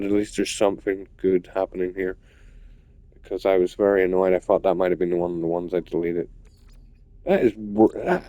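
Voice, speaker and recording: A man's voice: lowish voice, dark tone, no echo. A man ranting and swearing as he comments on his own gameplay, repeating himself in frustration. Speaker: gamer.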